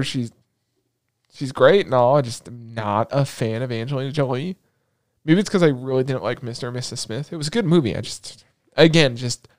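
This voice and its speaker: A young man co-hosting a podcast, excitable and joking, rambling in casual chat. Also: mid-range voice, no echo, studio quality. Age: young adult. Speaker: podcast co-host.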